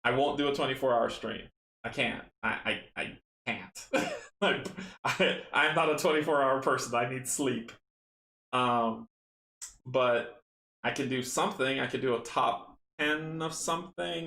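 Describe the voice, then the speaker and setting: A man's voice: medium pitch, creaky, fairly bright tone. A young man streaming from home, chatting in an earnest, rambling, thankful way as he signs off. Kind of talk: casual stream sign-off chat. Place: home streaming setup at a small table. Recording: roomy echo.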